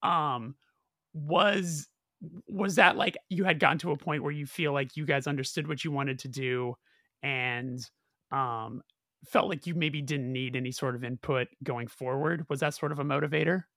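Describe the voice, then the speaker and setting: A man hosting a casual interview, his voice a little higher than most and full of gravelly fry. He asks long, wandering questions with plenty of restarts, recorded close and dry. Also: normal speed, pushed and bright, no room sound. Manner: loose, rambling questions with fillers and restarts. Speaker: podcast host.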